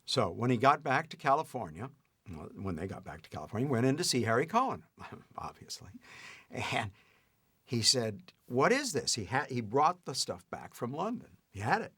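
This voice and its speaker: An older man telling a family anecdote in a lively way, chuckling as he goes. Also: medium pitch, moderate pace, slightly rough. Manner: lively retelling with acted-out quotes and chuckles. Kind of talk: anecdotal storytelling.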